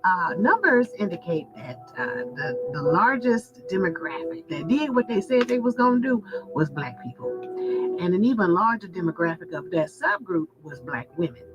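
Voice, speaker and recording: A woman's voice: lowish voice, big pitch swings, normal speed. Sassy laughing woman venting to camera. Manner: sassy, laughing, talks straight to viewers. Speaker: vlogger. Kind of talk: candid venting monologue. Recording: muffled lo-fi sound with loud music. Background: background music.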